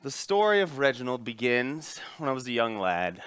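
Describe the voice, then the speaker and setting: A mock-solemn young butler, played by a man recounts his humble past. The voice is smooth and clear, bright, with a lively, swooping pitch. The sound is close and dry. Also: moderate pace, no echo.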